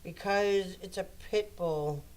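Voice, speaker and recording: A woman's voice: on the low side, takes it slowly, a little mellow. A woman co-hosting a live stream, chatting bluntly and swearing freely. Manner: blunt, swears, teases back. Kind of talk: casual chat.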